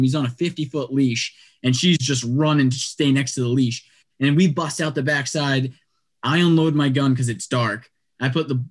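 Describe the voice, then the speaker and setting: A man telling a long story in casual chat, animated and acting out what people said, with lots of "like" and quick restarts. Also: a little high. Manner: animated, acts out quotes, lots of "like".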